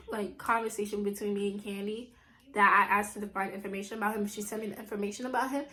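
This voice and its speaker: A young woman vlogger casually telling a story to her camera, chatty and animated, full of "like". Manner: chatty and animated, heavy use of "like", jumps high when quoting people. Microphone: camera mic at home, filming herself.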